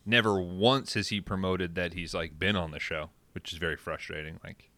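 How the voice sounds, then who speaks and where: A man's voice: low voice, fairly even intonation, moderate pace, sharp tone, dry recording. A man co-hosting a casual podcast, making wry, sarcastic asides about a movie. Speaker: podcast co-host. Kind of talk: casual movie recap chat.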